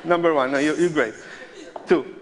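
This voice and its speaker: On a large theatre stage before a live audience, a male mentalist jokes nervously with volunteers in slightly unidiomatic, non-native English. His voice is fairly high and his pace normal, and the live sound carries long hall reverb and audible noise.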